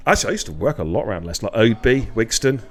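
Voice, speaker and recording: A man's voice: on the low side, animated, rapid-fire, slight background noise. A man from England commentating a sim race stream, joking and bantering casually with his co-host.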